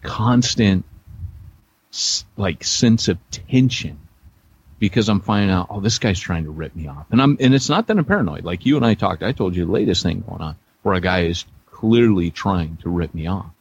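A man's voice: deep voice, lively intonation, moderate pace, breathy edge, dull audio. A middle-aged man co-hosting a podcast, telling rambling, self-deprecating stories with many restarts in a casual chat. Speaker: podcast co-host, church planter.

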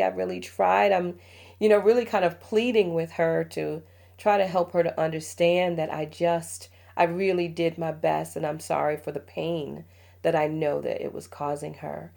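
A woman's voice: low-pitched, vocal fry, darkish tone. A middle-aged woman hosting a parenting podcast, telling a personal family story in an emotional, confiding way and laughing often. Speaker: podcast host, mother. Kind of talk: heartfelt parenting podcast talk.

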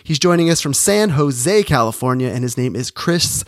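A man's voice: medium pitch, animated, moderate pace, dry recording, studio quality. A man hosting a podcast interview, with an upbeat, hyped-up, salesman-like delivery. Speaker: podcast host.

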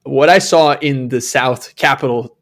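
A man from Minnesota rants on a casual podcast, swearing freely and breaking into laughter. His voice sits at an ordinary middle pitch. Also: unhurried, fairly bright tone. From Minnesota, USA. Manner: profane, ranting, laughs often. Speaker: podcast co-host.

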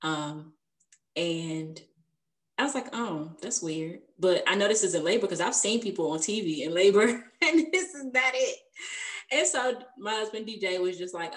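Brief: young woman host, casual storyteller, easy mid-pitched voice, laughs a lot. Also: expressive, normal speed. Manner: chatty, laughs often between sentences.

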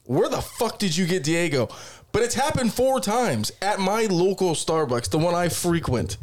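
Animated, foul-mouthed man telling stories. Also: high voice, normal speed, a little hiss or hum. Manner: animated, swears constantly, acts out exchanges. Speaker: podcast co-host. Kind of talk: casual profane storytelling.

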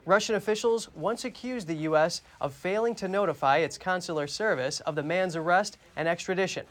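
A man anchoring a news program, reading the headlines in a measured, crisp way. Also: high voice, fairly bright tone.

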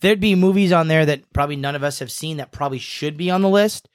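A man's voice: fairly high pitch, quick pace, dry recording, clean studio sound. A young man co-hosting a casual podcast, joking around and rambling through sports stats. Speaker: podcast co-host. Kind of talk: casual chat.

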